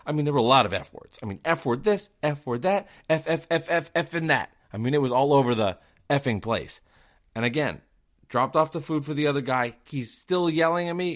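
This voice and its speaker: A man's voice: fairly high pitch, animated, a little fast, fairly bright tone. Chatty, profane male podcast host. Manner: chatty, profane, self-deprecating. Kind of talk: casual storytelling.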